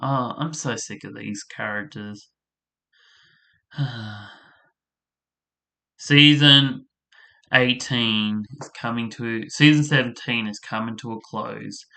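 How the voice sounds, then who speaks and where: A man's voice: mid-range voice, slow, vocal fry, long pauses, bright, forceful tone. A man casually ranting as he reviews a soap opera, rambling, exasperated and swearing freely.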